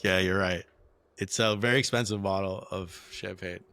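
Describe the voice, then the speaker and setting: Bright-voiced man explaining game rules. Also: deep voice, fairly even intonation, moderate pace, clean tone, no echo. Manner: explains rules step by step, rambling restarts. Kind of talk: casual tabletop game play.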